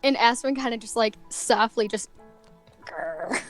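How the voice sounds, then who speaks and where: Slow, hesitant woman player. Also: a little high, soft background music. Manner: hesitant, many fillers, giggly. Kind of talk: narrating her character in a tabletop game.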